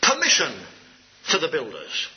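A man's voice: wildly swooping pitch, measured pace. Uk guy preaching a sermon, reads scripture out, voice goes up and down a lot, muffled lo-fi recording. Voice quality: rises to stress key words and drops low at phrase ends, reading scripture aloud. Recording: dull, lo-fi recording.

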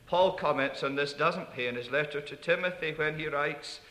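A man preaching a sermon, emphatic, repeating key phrases and dropping to hushed asides. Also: fairly high pitch, normal speed, hardly any pauses. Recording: echoey hall.

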